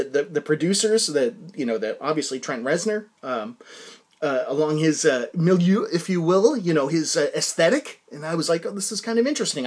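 A man hosting a solo podcast, rambling with many restarts and working himself up into a heated rant. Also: a little high. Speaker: podcast host.

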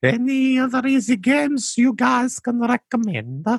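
A man putting on a high, strained Italian caricature voice, reading out a listener's message slowly and sing-song. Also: sing-song, gravelly, no room sound, clean studio sound, heavily acted. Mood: hammy. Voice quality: squeaky, strained put-on accent.

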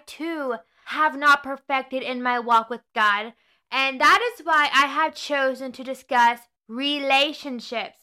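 A woman's voice: high voice, bright, forceful tone. A young woman hosting a faith podcast, talking earnestly in a preachy, casual way with frequent restarts and self-corrections. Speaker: podcast host.

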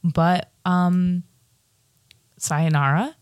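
A woman co-hosting a podcast, chatting casually about a movie she just saw, relaxed and rambling with many fillers. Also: fairly low pitch, very slow, dry recording, clean studio sound. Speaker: podcast co-host. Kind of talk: casual movie review chat.

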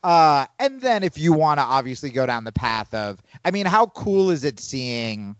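A man in casual podcast chat, animated and profane, rambling through his opinions. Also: on the high side, moderate pace, clear, resonant tone, no echo, muffled recording.

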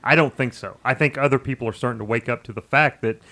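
Man co-hosting a podcast, emphatic, mid-pitched, casual and animated. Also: fast talker. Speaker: podcast co-host. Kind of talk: casual chat.

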